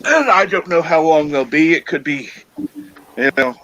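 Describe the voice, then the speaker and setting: A man's voice: on the high side, lively intonation, moderate pace, bright, forceful tone, lo-fi sound, a little hiss or hum. A man co-hosting a live morning talk stream, rambling casually with lots of fillers. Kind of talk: casual chat.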